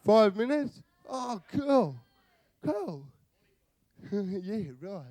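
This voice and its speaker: An Australian man doing a stand-up comedy set, bantering with the crowd in a slow drawl. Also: sits high, darkish tone, smooth, dry recording. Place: live venue with audience.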